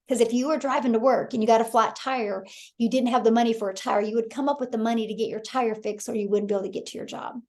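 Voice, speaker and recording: A woman's voice: on the high side, darkish tone. A woman in her thirties from Kansas hosting a live webinar, telling a story with enthusiasm and often addressing her audience as "you guys". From Kansas, USA. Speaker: host. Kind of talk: live webinar sales talk.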